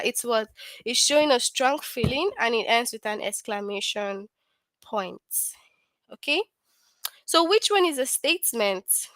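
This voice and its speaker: A woman's voice: a little high, lively intonation, moderate pace, pushed and bright, no room sound. Patient woman teaching young children. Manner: patient, questioning, often asking "what?" and answering herself. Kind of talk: online grammar lesson for young children.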